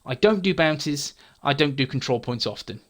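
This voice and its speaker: A man's voice: on the high side, lively intonation, moderate pace, a bit bright. A man hosting a gaming channel, casually answering viewer comments in a frank, chatty way, often stumbling and repeating words.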